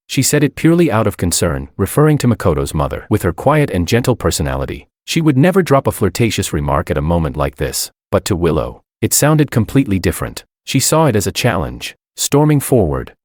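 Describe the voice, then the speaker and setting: Deep-voiced man narrating a story. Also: darkish tone, no echo, studio quality. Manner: wry, exasperated asides. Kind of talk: scripted first-person story narration.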